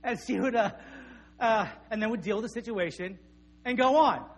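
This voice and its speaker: A man's voice: high voice, normal speed. A middle-aged man, preaching a sermon in a conversational storytelling manner with frequent restarts. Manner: conversational, anecdotal, with repeated restarts. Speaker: pastor.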